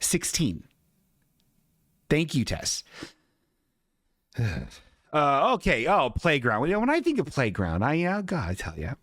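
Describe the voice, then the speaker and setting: A man's voice: fairly high pitch, huge pitch swings, measured pace, long pauses, a bit bright, dry recording, studio quality. A man hosting a live-streamed podcast in casual chat, rambling, self-deprecating and swearing a lot. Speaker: podcast host.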